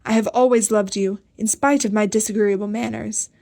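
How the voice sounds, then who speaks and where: A woman's voice: mid-range voice, fairly even intonation, a little fast, creaky, darkish tone, close to an everyday voice. A woman voicing a distraught young man in an audiobook, desperate and pleading, close to screaming. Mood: moved.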